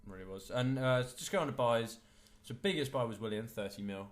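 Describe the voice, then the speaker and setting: A man's voice: medium pitch, fairly quick. A man co-hosting a casual football podcast, opinionated and enthusiastic about players. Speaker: podcast co-host.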